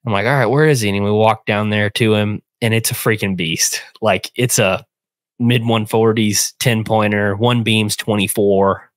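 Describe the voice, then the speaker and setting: A young man casually retelling a hunting trip, animated and acting out the voices in a phone call. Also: on the low side, normal speed, no room sound. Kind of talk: casual storytelling.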